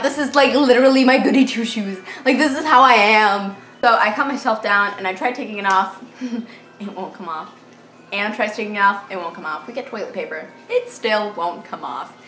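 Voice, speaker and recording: A fifteen-year-old girl telling a storytime vlog, animated and dramatic, full of "like" fillers, recorded on a camera mic in a bedroom. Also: a little high, a little fast. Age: teens. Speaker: vlogger. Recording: echoey room with faint hiss.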